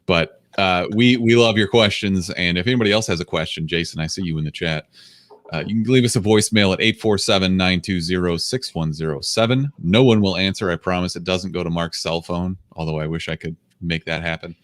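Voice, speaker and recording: A man's voice: low voice, a little fast, no echo. A man hosting a casual podcast, wry and profane, reading plugs. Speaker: podcast host.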